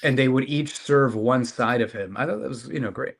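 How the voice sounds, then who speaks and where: A man co-hosting a podcast, talking casually and enthusiastically about comics, with deadpan jokes and trailing restarts. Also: mid-range voice, brisk, gravelly, slight background noise. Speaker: podcast co-host. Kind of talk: casual comic book chat.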